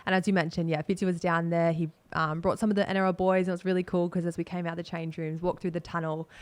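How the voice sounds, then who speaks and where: Fast-talking young Australian woman, dry sound. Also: lowish voice, dry recording. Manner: animated storytelling, acts out quoted talk. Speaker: podcast co-host and rugby league player. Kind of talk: casual chat.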